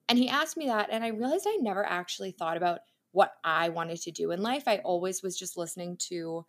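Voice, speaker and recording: A woman's voice: fairly low pitch, fairly quick, a bit bright. A young adult woman, an interior designer guesting on a podcast, telling her career story in a candid, chatty way, laughing often.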